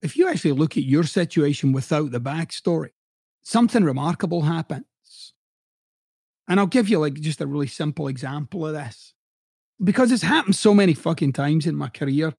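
A man's voice: on the high side, lively intonation, fairly quick, creaky, a little mellow, breathy edge, no room sound, studio quality. A middle-aged man who hosts a podcast and used to coach, giving a blunt, profane motivational monologue with heavy emphasis. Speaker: podcast host, former coach.

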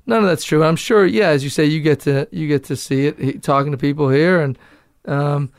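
A man's voice: fairly high pitch, moderate pace, clean tone, no room sound, studio quality. A man with a Boston accent, an actor guest talking candidly and loosely in a casual interview, swearing and laughing easily.

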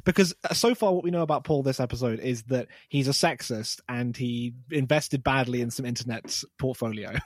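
A man co-hosting a podcast, chatting in a sarcastic, animated way. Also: medium pitch, no room sound, clean studio sound. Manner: sarcastic, animated, quick to mock. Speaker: podcast co-host. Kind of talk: casual chat.

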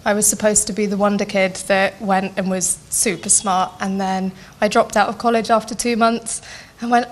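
A woman's voice: medium pitch, level tone, moderate pace, hardly any pauses. Jokey young woman poet on a panel. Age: young adult. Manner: self-mocking, jokey. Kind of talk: panel discussion.

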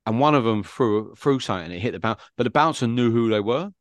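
A man's voice: mid-range voice, animated, fast talker, no echo. A man co-hosting a football fan podcast, chatting casually and rambling through anecdotes. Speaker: podcast co-host.

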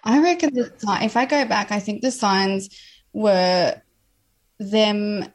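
A woman's voice: mid-range voice, takes it slowly. A woman, a guest speaking earnestly and openly in a candid personal conversation, often restarting her sentences. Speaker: interview guest.

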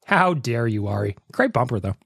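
Male podcast host, mid voice, dry close mic, animated and jokey. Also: mid-range voice, moderate pace, vocal fry, husky, no room sound. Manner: animated, swearing, mock outrage. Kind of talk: casual podcast chat.

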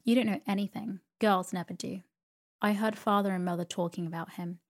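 A woman's voice: medium pitch, fairly even intonation, brisk, natural voice. A woman voicing a teasing, scornful seven-year-old boy in a storybook reading. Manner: taunting, boastful.

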